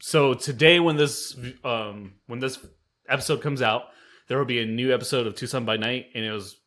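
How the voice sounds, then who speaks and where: A man hosting a casual podcast, talking in animated bursts with plenty of fillers, restarts and swearing. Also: mid-range voice, normal speed. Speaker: podcast host and game master.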